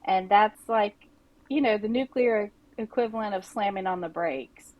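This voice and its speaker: A woman's voice: medium pitch, normal speed, no echo, highs cut off. A middle-aged woman co-hosting a podcast, chatty and casual, with many "like"s and "you know"s. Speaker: podcast co-host.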